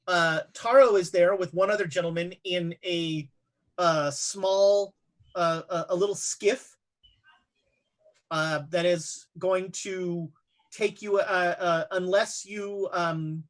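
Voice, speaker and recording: A man's voice: sits high, fairly even intonation, fairly bright tone. A young man running a tabletop horror game as game master, narrating with many ums and uhs. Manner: halting, lots of ums and uhs.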